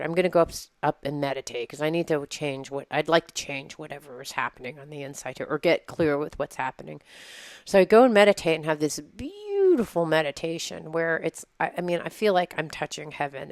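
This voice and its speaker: A woman in her forties tells a personal story in a casual talk show, with lively acted-out asides. Her voice is low and smooth. It is recorded dry and close. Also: brisk, no echo. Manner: animated storytelling, acts out her own inner voice. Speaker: podcast co-host. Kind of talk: casual chat.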